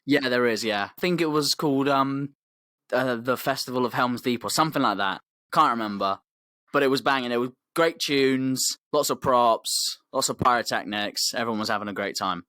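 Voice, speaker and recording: A man's voice: medium pitch, normal speed, bright, forceful tone, dry recording, clean studio sound. A man telling a rambling comic story as a podcast host, laddish and slangy. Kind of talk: comedic storytelling.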